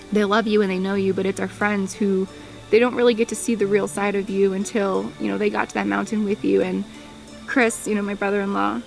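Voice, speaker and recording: A woman's voice: mid-range voice, gravelly, low-quality recording. A young woman speaking in a documentary interview, heartfelt and tearful, her voice wavering with emotion. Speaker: daughter of the climber.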